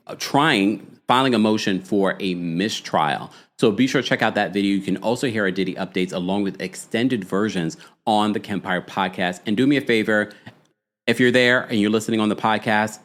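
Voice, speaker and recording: A man with a New York accent hosting a live reality-show recap, reading viewer comments and laughing often as he acts out quotes. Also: fairly low pitch. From United States.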